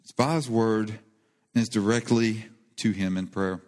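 A man's voice: lowish voice, steady tone, moderate pace, darkish tone. A male pastor giving a sermon, earnest and conversational, with rising emphasis on key points. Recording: long reverb of a church hall.

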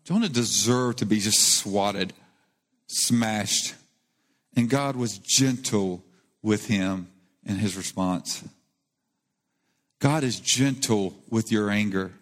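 Man preaching in a reverberant church. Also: fairly low pitch. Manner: earnest, conversational preaching with rising emphasis. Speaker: pastor. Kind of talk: sermon. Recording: long reverb of a church hall.

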